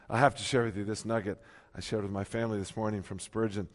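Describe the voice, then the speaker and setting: A male pastor preaching a sermon, swinging from hushed reading to loud emphatic peaks. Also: fairly low pitch, level tone, fast. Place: church. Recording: long hall reverb.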